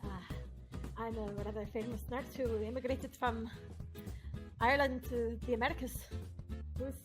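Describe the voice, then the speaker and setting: A woman's voice: sits high, lively intonation, measured pace, over music. A woman voicing a flustered nurse, using a wobbly put-on Irish-British accent.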